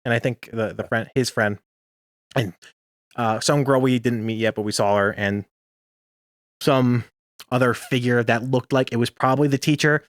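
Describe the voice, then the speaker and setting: A man's voice: mid-range voice, normal speed, pauses often, no room sound, clean studio sound. A young man co-hosting a podcast, chatting casually and laughing often as he recaps an anime episode. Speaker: podcast co-host.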